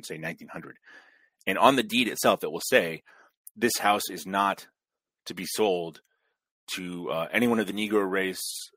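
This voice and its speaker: A male guest with a very deep, husky voice explains at length in a steady lecturing way. His sound is dry and close, with no room echo. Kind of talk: casual explanatory talk.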